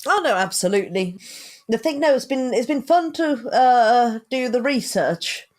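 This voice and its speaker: A woman's voice: on the high side, expressive, unhurried. A woman co-hosting a podcast in casual chat, rambling with frequent restarts and hedges. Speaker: podcast co-host.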